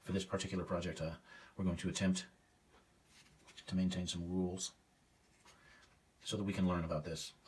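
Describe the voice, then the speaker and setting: Man, very low voice, slightly distant from the mic, faint room hiss, self-critical art teacher talking through his painting. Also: level tone, normal speed, long pauses. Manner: self-critical, thinking aloud while painting; casual, hesitant with fillers. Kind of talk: live painting demonstration.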